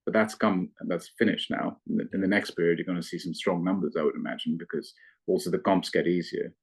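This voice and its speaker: Male fund manager, very low voice, analytical and measured, given to restarts. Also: creaky, husky. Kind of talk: investment interview.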